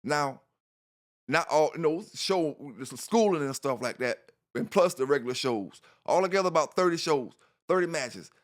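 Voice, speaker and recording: A man's voice: a little high, animated, normal speed. A man hosting a dog channel, talking casually in a rambling monologue, repeating himself and filling gaps with "you know".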